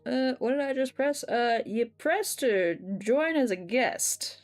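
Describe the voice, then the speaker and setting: A woman's voice: expressive, slow pace, faint music behind. A woman chatting casually while livestreaming a video game, swearing freely and reading chat messages aloud. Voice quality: medium-pitched voice she wishes were deeper. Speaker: streamer.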